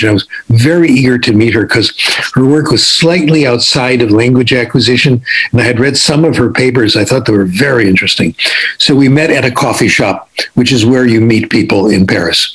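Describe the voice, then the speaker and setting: Older man, husky anecdotal lecturer. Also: mid-range voice, rough recording. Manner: relaxed, anecdotal, with restarts and asides. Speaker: linguistics lecturer. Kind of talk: storytelling lecture.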